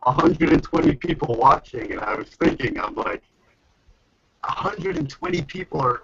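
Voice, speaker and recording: Man, casual host, mocking and slangy; gravelly voice, lively pitch, lo-fi webcam audio. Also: moderate pace. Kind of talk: casual group video chat. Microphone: webcam mic on video call. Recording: lo-fi online call audio.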